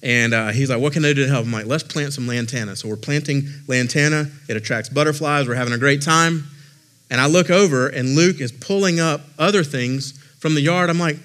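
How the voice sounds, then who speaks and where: A lead pastor in his forties preaching a sermon in an expressive, conversational way, with personal stories and self-deprecating humor. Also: medium pitch, brisk.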